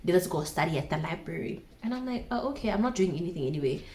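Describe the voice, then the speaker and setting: A woman's voice: lowish voice, expressive, fast, a little mellow. A young woman in her twenties with a South African accent, casually telling a dramatic personal story to her viewers with asides. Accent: South African English.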